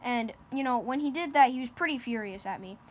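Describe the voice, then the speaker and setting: High-voiced woman rambling through a silly story. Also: fairly quick. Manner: rambling, lots of fillers and restarts. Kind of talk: improvised comic storytelling.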